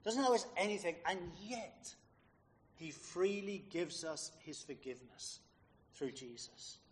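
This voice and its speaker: A man's voice: high-pitched, lively intonation, measured pace, big-room sound. A man preaching a sermon, emphatic and fond of rhetorical questions put to his listeners.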